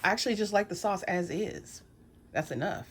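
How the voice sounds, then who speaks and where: A woman's voice: medium pitch, animated, normal speed, slight background noise. A woman vlogging in a casual, chatty way, laughing often and talking while she eats. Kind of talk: casual vlog chat.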